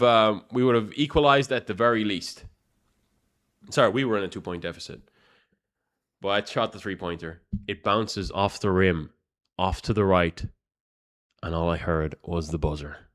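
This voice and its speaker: Young Irish guy, streamer, loose and sweary storyteller, mid pitch. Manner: profane, animated, swings between loud and mumbled. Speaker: chess streamer. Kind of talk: casual storytelling to a live chat.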